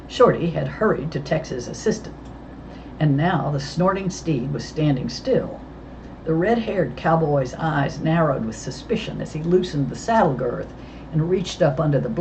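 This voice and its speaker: Low, lively woman narrator for a storybook; dull, lightly hissy recording. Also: normal speed. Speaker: audiobook reader.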